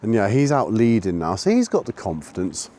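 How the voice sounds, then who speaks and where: A man vlogging a dog walk, chatting casually and snapping out high, sharp commands to his puppy. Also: a little fast. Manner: sharp high-pitched commands to a dog between relaxed chat. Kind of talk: casual narration while walking a dog. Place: outdoors on a woodland and road walk.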